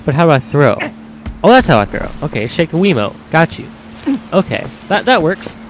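A man's voice: fairly high pitch, big pitch swings, moderate pace, a little hiss or hum, rough recording. A young man hosting a let's-play, chatting upbeat to his viewers. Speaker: gaming channel host. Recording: game music behind.

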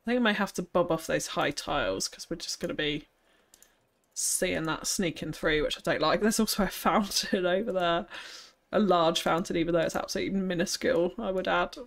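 Lady streaming a city builder, chatty, keeps laughing at herself, voice a bit on the low side. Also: brisk, creaky. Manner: chatty, thinking aloud, laughs often. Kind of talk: casual live-stream commentary while building.

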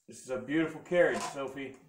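A man questions an unseen spirit in a gentle, coaxing voice, repeating himself patiently. The sound is roomy, with clear noise behind him. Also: medium pitch, fast. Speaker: paranormal investigator. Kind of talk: talking to a spirit during an investigation. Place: old log cabin museum indoors. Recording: roomy, noisy field recording.

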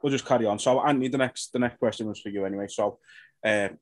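A man's voice: on the low side, fast, dry recording. A man hosting a podcast, casually and amiably asking fighters questions. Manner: friendly, leads the questions. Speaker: podcast host.

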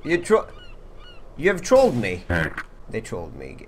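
A young man talks into a headset while gunfire and game noise play clearly behind him. His pitch swings widely as he jokes and trash-talks, often breaking into loud laughter. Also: wildly swooping pitch, normal speed. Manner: joking, trash-talking, bursts into loud laughter. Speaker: gaming channel host. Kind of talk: casual gaming banter.

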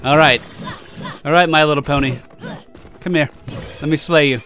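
A man hosting a let's play, giving casual gameplay commentary in an excitable way, swearing often and reacting loudly to loot. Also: a little high, moderate pace, faint music behind.

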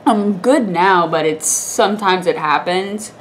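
A woman's voice: lowish voice, a little slow. Congested young woman rambling on her vlog, laughs a lot, bit of hiss behind her. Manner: rambling, chatty, laughs often. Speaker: vlogger. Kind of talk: casual storytelling to camera.

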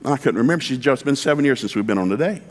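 A man's voice: mid-range voice, expressive, big-room sound. A middle-aged male pastor telling a funny story in a sermon, folksy and acting out the people in it. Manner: folksy, fast, acts out the people in his stories.

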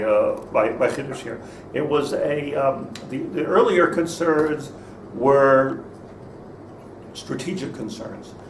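Man teaching a class, roomy and distant. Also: mid-range voice. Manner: conversational, many restarts, mixes Hebrew terms. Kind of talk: informal Torah class. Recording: echoey room, speaker far from mic, faint noise.

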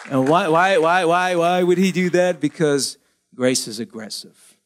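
Animated high-voiced male preacher. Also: moderate pace, some chatter behind. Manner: animated, acts out pleading voices in a high whine. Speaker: pastor. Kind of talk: sermon.

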